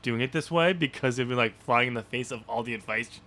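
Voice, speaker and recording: A man's voice: medium pitch, steady tone, fairly quick, hardly any pauses, pushed and bright. A man co-hosting a casual wrestling podcast, dry and laughing often as he steers the talk. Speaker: podcast co-host.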